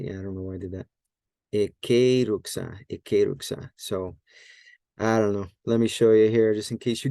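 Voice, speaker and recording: A man with a low, gravelly voice walks through a Greek grammar lesson in a loose, think-aloud way. He stops to correct himself and fills pauses with "um" and "yeah." His tone is dark and mellow, and the recording sounds dry and close. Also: dry recording. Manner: thinks aloud, self-correcting, many fillers. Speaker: Greek language teacher. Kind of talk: casual screen-share lesson.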